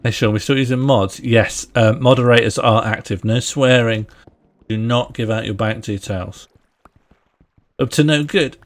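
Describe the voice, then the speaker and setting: With a medium-pitched voice and a measured pace, this streamer plays a video game while casually bantering with his viewers and friends. He laughs a lot and mutters to himself during play.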